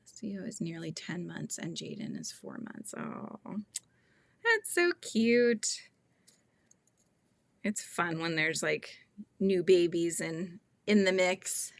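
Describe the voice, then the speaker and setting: A woman in her thirties hosts a relaxed crochet livestream, chatting, reading viewer comments, and often laughing as she acts out quotes. Her voice is fairly low and gravelly, animated yet slow, with frequent pauses. There's no echo on the recording.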